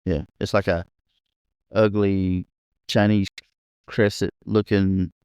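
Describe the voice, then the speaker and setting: A man, co-hosting a podcast in relaxed casual chat, agreeable and quick to murmur assent. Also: low voice, clear, resonant tone, no room sound, clean studio sound. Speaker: podcast co-host. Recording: dull, muffled sound.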